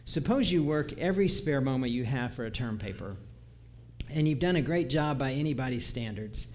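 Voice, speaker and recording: A man delivers a sermon in an easy, conversational way, reading scripture aloud and chuckling lightly at his own asides. His voice sits in an ordinary middle pitch. A faint hiss of noise runs underneath. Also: animated, moderate pace, darkish tone. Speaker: preacher.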